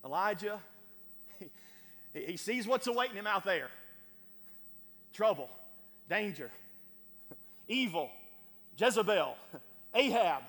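A man preaching a sermon to a congregation, stammering over repeated words and building to loud emphatic peaks. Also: high-pitched, expressive, slow pace, long pauses. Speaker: pastor. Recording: long hall reverb.

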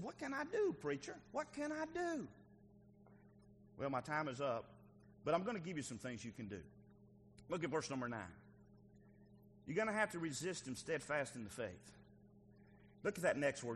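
A male pastor preaching a sermon to his church, moving from quiet teaching to shouted exhortation. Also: medium pitch, very animated, moderate pace, pauses often, long reverb tail, slight background noise.

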